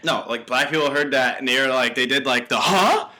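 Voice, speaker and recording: Quick-paced and medium in pitch, a young man chats casually as a podcast co-host. He brings his retold scenes to life with animated storytelling, voicing the quotes himself.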